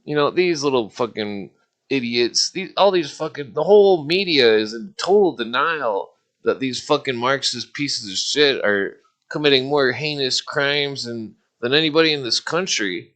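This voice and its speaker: A man's voice: medium pitch, expressive, moderate pace, a bit bright. A man hosting a livestream, ranting angrily and profanely in a rambling way, with restarts. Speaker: livestream host.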